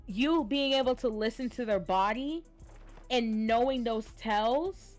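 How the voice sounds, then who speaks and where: A woman co-hosting a casual stream chat, blunt and animated, swearing freely. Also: a little high, a little slow, faint music behind. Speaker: co-host streamer.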